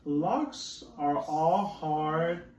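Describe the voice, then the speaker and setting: A man reading the lines of a fussy frog from a picture book, slowly and deliberately. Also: fairly high pitch, darkish tone. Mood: complaining. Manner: slow, deliberate read-aloud. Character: fussy frog who hates sitting on logs. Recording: roomy, distant, faint noise.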